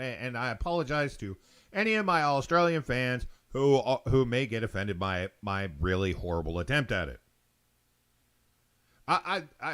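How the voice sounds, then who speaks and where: A man's voice: mid-range voice, a bit bright. A man hosting his own show, ranting opinions in a blunt, profane monologue, stumbling and repeating words. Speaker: show host.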